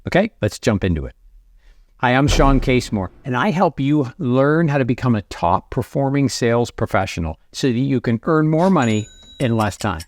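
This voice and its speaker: A middle-aged man coaching sales to camera, conversational and energetic, acting out sample lines to prospects. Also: medium pitch, moderate pace, no room sound. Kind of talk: direct-to-camera coaching talk.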